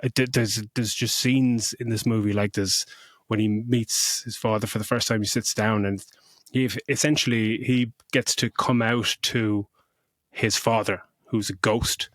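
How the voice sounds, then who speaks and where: A man's voice: on the low side, steady tone, measured pace, no room sound, clean studio sound. A middle-aged man co-hosting a podcast, gushing about a film in casual chat, swearing freely and tripping over restarts. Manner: emotional when retelling scenes. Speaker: podcast co-host.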